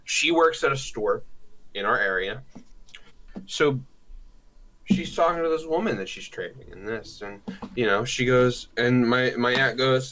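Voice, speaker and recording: A young man in a casual podcast chat, telling a crude story in an animated way and acting out the people in it. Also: medium pitch, unhurried, pauses often, slight background noise, poor audio. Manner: crude, animated, acts out quotes. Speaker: podcast co-host.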